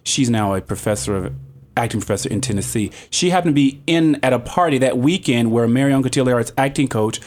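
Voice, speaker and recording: A man telling a long anecdote as a podcast guest, jumping in pitch when he quotes people. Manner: animated, quick pitch jumps when quoting people. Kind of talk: casual storytelling.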